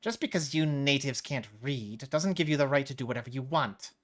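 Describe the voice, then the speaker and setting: A pompous middle-aged businessman with a raised, pinched voice, as a storyteller puts him on. He talks down to everyone, haughty and sputtering, plainly a put-on storybook voice. He pushes his words louder and higher than the narrator's own talk. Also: expressive, a little fast, natural voice. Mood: indignant.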